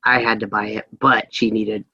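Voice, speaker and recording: A man's voice: on the low side, level tone, normal speed, vocal fry, pushed and bright, slightly rough, no room sound, highs cut off. A man in his forties co-hosting a casual chat podcast, telling stories and laughing often. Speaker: podcast co-host.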